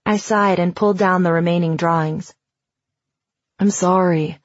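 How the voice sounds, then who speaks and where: A woman reading a first-person audiobook in a reflective, even storytelling manner. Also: on the low side, a little fast, no room sound, highs cut off. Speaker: audiobook narrator.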